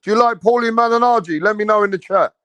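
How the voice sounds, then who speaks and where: A man's voice: high voice, fast, bright, forceful tone, dry recording. A man hosting a casual livestream, swearing and using slang as he rants and talks to his chat. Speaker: livestream host.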